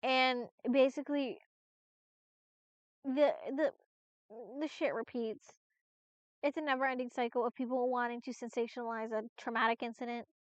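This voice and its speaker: A woman's voice: on the high side, fairly even intonation, moderate pace, long pauses, smooth, no echo. A woman streamer chatting casually on a live stream, rambling with lots of restarts and fillers and the odd swear. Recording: dull, lo-fi, dry stream audio.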